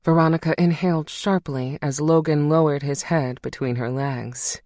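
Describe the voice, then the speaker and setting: An audiobook narrator reading a romance novel in a measured, intimate way. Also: medium pitch, fairly even intonation, darkish tone, dry recording.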